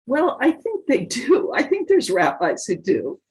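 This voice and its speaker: A woman in a study group discussion, speaking thoughtfully with hesitant pauses. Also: on the high side, huge pitch swings, darkish tone, breathy edge, rough recording.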